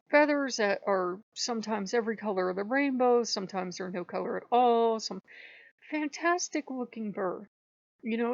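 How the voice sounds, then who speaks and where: A woman's voice: mid-range voice, dry recording, lo-fi sound. A woman telling a story aloud in a casual, conversational way, speaking straight to the listener with fillers and restarts.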